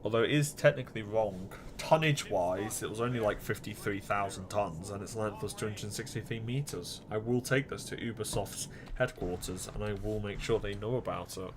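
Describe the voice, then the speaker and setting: A man's voice: fairly low pitch, normal speed, hardly any pauses, crowd noise. A young man giving casual, joking commentary while playing a game and talking to viewers. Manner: joking, swears freely, talks to viewers. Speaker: gameplay streamer.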